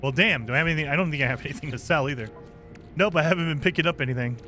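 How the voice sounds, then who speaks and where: A man's voice: a little high, very fast, sharp tone, faint music behind. A man streaming a game, chatting casually with viewers in a joking, teasing way and laughing often. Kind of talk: casual live commentary while playing.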